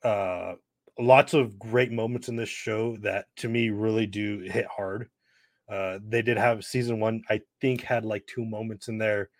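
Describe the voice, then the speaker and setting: A man's voice: fairly low pitch, steady tone, measured pace, no echo. A man co-hosting a casual podcast, eager and swearing casually. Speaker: podcast co-host.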